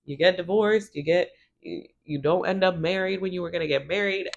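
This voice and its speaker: A woman's voice: on the low side, fairly quick, creaky, dull audio. A woman recapping a TV episode in a casual, chatty way, using "like" often and briefly acting out the characters' lines. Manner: chatty, heavy use of "like", acts out characters' lines. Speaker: TV recap vlogger.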